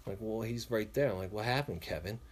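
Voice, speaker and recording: A man casually telling a story, acting out the quotes loudly and swearing often. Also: on the low side, fast. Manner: animated, acts out quotes with swearing.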